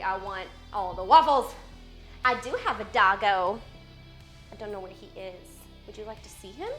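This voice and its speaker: A young fitness trainer chats playfully with her live-stream viewers from home, reading their messages aloud and replying. Her medium-pitched voice is a bit bright and moves at a moderate pace, with faint music in the background, and her manner is bubbly.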